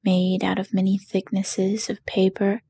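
A woman narrating an audiobook in a soft, hushed bedtime whisper. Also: medium pitch, completely flat delivery, unhurried, vocal fry, slight background noise. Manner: hushed and soothing.

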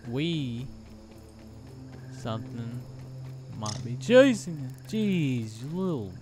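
Unhurried young man reacting to a game. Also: mid-range voice, sing-song, a little mellow, faint music behind. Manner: jumpy, easily startled, talks to himself. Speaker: gaming YouTuber. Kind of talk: let's play commentary.

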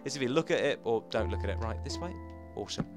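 A young man giving casual let's-play commentary, chatting to his pets and himself and jumping into high-pitched shouts. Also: lively intonation, fast talker, over music. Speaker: gaming channel host.

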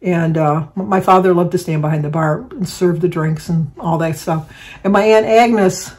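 A woman's voice: lowish voice, moderate pace, darkish tone. Older woman, vlogger, casual storytelling, rambling, restarts sentences. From Michigan, United States.

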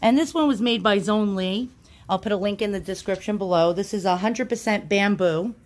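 Her voice sits at medium pitch and moves at a normal speed as this YouTube channel host, a chatty woman, walks through a demonstration indoors at home, holding her phone in one hand to record. She's casual, self-deprecating, heavy on ums and uhs, and out of breath at times.

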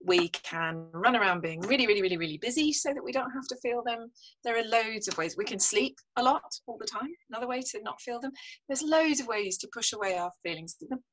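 A woman's voice: a little high, expressive, fairly quick, fairly bright tone, slight background noise, rough recording. Middle-aged woman, podcast guest, frank and self-mocking. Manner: frank, self-deprecating, laughs often. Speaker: podcast guest, health psychologist. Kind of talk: casual conversational interview.

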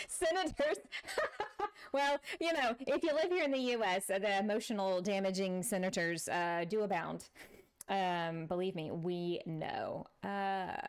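A woman's voice: lowish voice, smooth. Chatty texan lady streaming a cozy game, exclaims a lot, laughs easy, middle-aged. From Texas. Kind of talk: casual gameplay chat with live chat.

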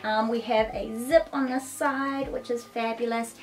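A woman vlogger gushing excitedly over a new dress, with frequent gasps and giggles. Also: a little high, measured pace. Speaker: fashion vlogger. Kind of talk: casual unboxing show-and-tell. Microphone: camera mic a short way off. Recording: slightly distant mic, faint background music.

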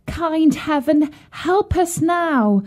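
A woman voicing a frightened little girl in a fairy tale, speaking in a high, pleading voice. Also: expressive, unhurried. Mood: pleading, tearful. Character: frightened little girl, tearful then brave.

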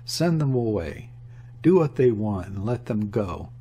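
A man's voice: fairly low pitch, big pitch swings, measured pace, dark tone, husky, heavily acted. A man reading a desperate pleading daughter. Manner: pleading, passionate. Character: desperate young woman pleading with her father.

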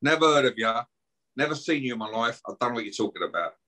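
A man's voice: mid-range voice, lively intonation, fast talker, pushed and bright. A middle-aged man, guest on a podcast, ranting aggressively and swearing and taunting as he talks. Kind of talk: heated podcast rant.

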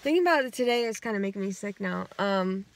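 A woman's voice: mid-range voice, fast talker, no room sound. Rambling woman vlogger in her car. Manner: rambling and animated, acts out quotes, swears freely. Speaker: vlogger retelling her dreams. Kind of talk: casual storytelling.

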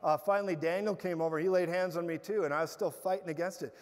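A man preaching a sermon, telling stories in an animated way with bursts of loud laughter. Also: high-pitched, fast talker. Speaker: guest preacher. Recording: hall reverb.

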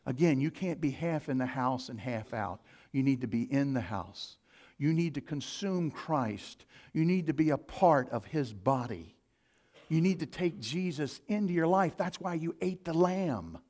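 A male pastor preaching a sermon, with big swings from loud emphasis to hushed asides. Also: on the high side, expressive, a little slow.

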